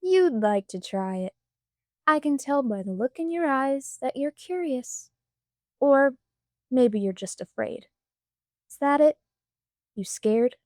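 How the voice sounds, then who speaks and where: A woman's voice: high-pitched, animated, takes it slowly, long pauses, no echo, clean studio sound, voice pushed up. A woman voicing a young male hobo, a braggart who drawls, mocks and wheedles. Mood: wheedling.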